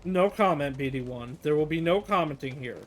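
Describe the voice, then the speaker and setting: A man's voice: a little high, expressive, brisk. A man casually commenting on a game as he plays it on a live stream, joking and laughing at his own play.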